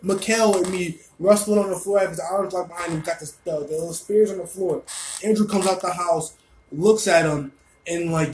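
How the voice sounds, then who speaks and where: A young man telling a story casually, animated, rambling and full of swearing. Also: high-pitched, moderate pace, echoey room, a little hiss or hum, rough recording.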